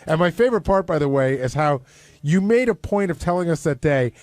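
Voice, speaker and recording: High-voiced radio guy picking apart a coworker, teasing, dry mic. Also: animated, a little fast, darkish tone, no room sound. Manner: argumentative, pointed, teasing. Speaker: radio show regular. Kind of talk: casual studio banter.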